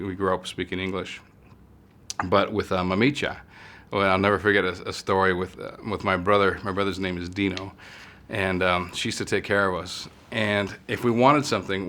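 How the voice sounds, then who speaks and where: A man from the United States, a guest in a casual interview, telling stories in a halting way with many fillers and restarts. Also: low-pitched, pushed and bright. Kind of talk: casual storytelling conversation.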